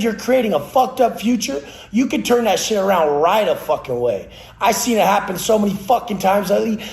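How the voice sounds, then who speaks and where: A man's voice: high voice, gravelly, a little mellow. A man who trains people for a living, giving a blunt, profane motivational rant with aggressive, preachy force. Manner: blunt, aggressive, heavy swearing. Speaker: fitness trainer. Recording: roomy echo.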